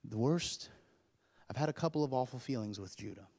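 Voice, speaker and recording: A man in his thirties preaching a sermon. He builds to loud, urgent climaxes, then drops to quiet, low-voiced passages. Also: expressive, fairly quick, creaky, husky. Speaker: pastor.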